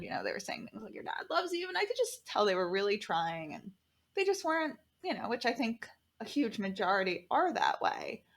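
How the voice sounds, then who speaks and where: With a fairly high-pitched voice, a female podcast guest recounts a story in a lively, casual style, acting out the voices of the people she quotes and cursing freely.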